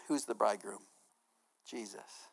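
A man's voice: fairly low pitch, takes it slowly, vocal fry, slightly rough. A man preaches to his church in an easygoing, talky manner. He leans on "you know" and "right?", restarts his phrases, and keeps asking the congregation questions. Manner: casual, filler-heavy, repeats words, asks the congregation questions. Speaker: pastor. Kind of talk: conversational sermon.

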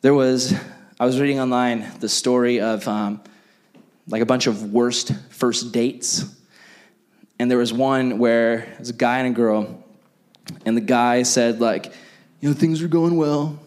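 A young adult man preaching a sermon as pastor, animated and acting out the voices he quotes. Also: mid-range voice, measured pace, long pauses.

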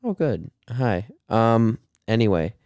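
A man's voice: on the low side, animated, takes it slowly, a little mellow, clean tone, no room sound, studio quality. A young man co-hosting a podcast, rambling casually with lots of fillers and frequent laughs. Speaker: podcast co-host. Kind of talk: casual chat.

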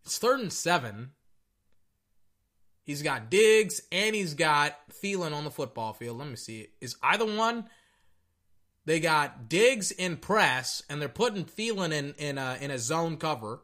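A young man giving casual, rambling reaction commentary on a football game, excitable and tripping over his words. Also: on the high side, a little slow. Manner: excitable, rambling, stutters and repeats himself.

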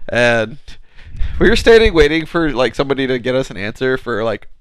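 A man co-hosting a comedy podcast, chatting and telling rambling stories with quick jokes. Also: mid-range voice, big pitch swings, clean tone, dry recording. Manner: joking, rambling storyteller with quick asides. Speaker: podcast co-host. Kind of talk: casual comedic chat.

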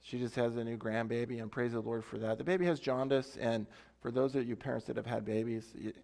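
A man's voice: medium pitch, steady tone, fairly quick, vocal fry. Chatty man preaching a casual sermon. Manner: chatty, thinks out loud, self-deprecating asides. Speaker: pastor.

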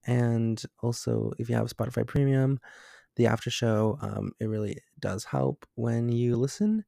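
A young man talks on his own podcast late at night from his bedroom, rambling through filler words in a gravelly, mellow voice. He sounds scared and worn out. The sound is dry and close. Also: medium pitch, no room sound. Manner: rambling, jumpy, with many fillers. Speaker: podcast host. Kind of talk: casual solo podcast chat. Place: bedroom at home.

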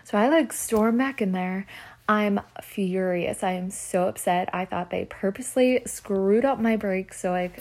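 A young woman telling a personal story in a vlog, chatty and animated, with "like" in nearly every sentence. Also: medium pitch, measured pace. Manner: chatty, fills speech with "like"; animated and emotional while retelling. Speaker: vlogger.

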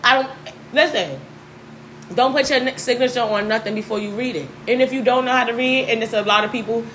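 A woman in a casual talk, telling stories in an animated, blunt way and swearing freely. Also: a little high, fairly quick, low-quality recording. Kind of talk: casual chat, storytelling. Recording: faint background noise.

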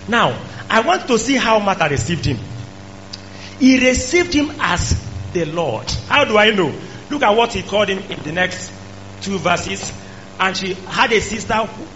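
A male preacher, delivering an emphatic sermon that rises to shouts. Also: high voice. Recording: dull lo-fi recording with faint hum.

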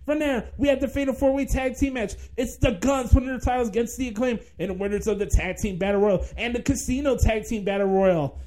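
A man putting on the voice of a hyped-up, salesy wrestling show announcer with a loud, punchy promo delivery. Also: extremely high pitch, a little fast, hardly any pauses, voice pushed up.

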